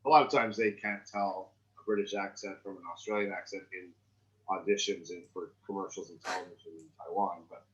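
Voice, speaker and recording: A man's voice: low-pitched, steady tone, a little fast, dull audio, a little hiss or hum. A middle-aged man giving script feedback in an acting class, rambling and often checking in with "right?". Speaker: acting coach.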